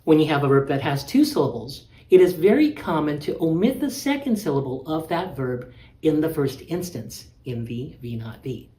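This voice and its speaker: A man's voice: on the high side, expressive, normal speed, warm tone. A male language teacher giving a patient, methodical lecture and stressing key words. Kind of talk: explanatory lecture. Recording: echoey room.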